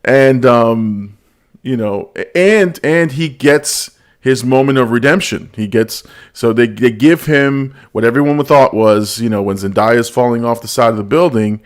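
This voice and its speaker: Male podcast host, mid-pitched, lively casual storyteller. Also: a little slow. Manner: animated, storytelling with quoted lines and laughs. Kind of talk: casual movie review chat.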